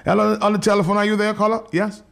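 A male radio talk show host taking calls, giving brief, calm acknowledgements. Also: high voice, quick pace, gravelly. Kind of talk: call-in radio hosting.

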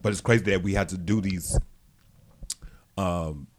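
A man's voice: sits low, measured pace, slight background noise. A man speaking bluntly and plainly as a guest in a casual podcast chat.

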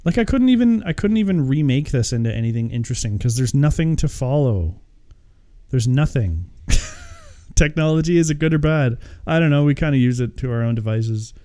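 A man's voice: on the high side, huge pitch swings, normal speed, warm tone. A man chatting casually about a movie, rambling and swearing, often laughing as he talks.

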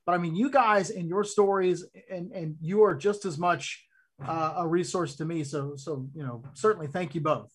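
A man hosting a casual chat, with a somewhat high, husky voice. He talks in a halting, modest way, restarting his words.

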